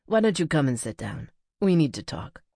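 A woman's voice: low voice, sing-song, normal speed, dark tone, slightly rough, no room sound, clean studio sound, exaggerated voice. A woman voicing a cheerful young male coyote spirit in human form, who talks in an easygoing, amiable way.

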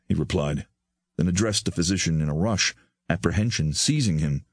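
Give me a male audiobook narrator with a very low voice, reading in an even, measured way. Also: no room sound, clean studio sound. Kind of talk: scripted narration.

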